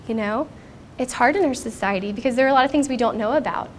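A woman's voice: fairly high pitch, quick pace, slight background noise. A woman in her thirties speaking at a conference, telling a personal story in an earnest, reflective way. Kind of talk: personal testimony talk. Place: conference stage.

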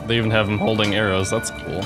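A young man giving gameplay commentary, swearing often and breaking into excitable outbursts. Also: on the low side, fast, over music. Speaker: let's play host.

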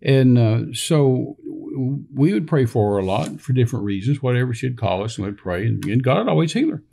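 A man's voice: medium pitch, animated, brisk, gravelly, mellow. An older man from Texas, a minister telling a rambling personal story in casual conversation, with many fillers and restarts, acting out the dialogue he quotes.

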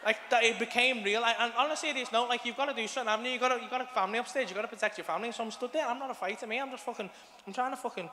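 Sweary bright-voiced comic. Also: male voice, extremely high pitch, racing. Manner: sweary, bantering with the crowd, storytelling. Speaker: stand-up comedian. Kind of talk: live stand-up routine. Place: comedy club stage. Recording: live club room with reverb and faint ambience.

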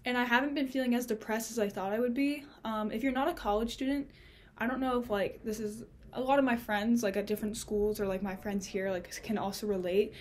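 A breathless young woman talks casually to the camera from her dorm room, her pitch sitting a little high. She rambles and fills the gaps with lots of "like" and "um". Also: steady tone, brisk. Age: young adult. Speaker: college student vlogger. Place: dorm room on a college campus.

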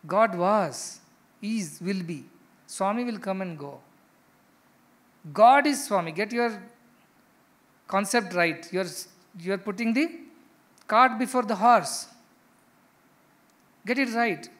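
A man's voice: high-pitched, takes it slowly, pauses often, fairly bright tone. Emphatic Indian-accented male spiritual teacher. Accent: Indian English. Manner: emphatic, rhetorical questions, repeats key phrases. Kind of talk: spiritual discourse to ashram residents.

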